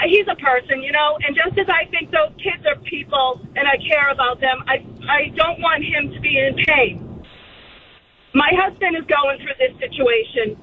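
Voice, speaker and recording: A woman's voice: sits high, slight background noise. A woman from Massachusetts calling into a radio show, talking in an upset, urgent and emotional way. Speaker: caller. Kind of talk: call-in radio conversation. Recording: tinny phone line.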